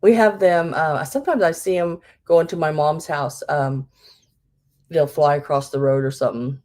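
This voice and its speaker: A woman's voice: deep voice, normal speed, darkish tone. A middle-aged woman hosting a live vintage sale, chatting casually with many fillers and laughing at herself. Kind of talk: casual live-stream selling.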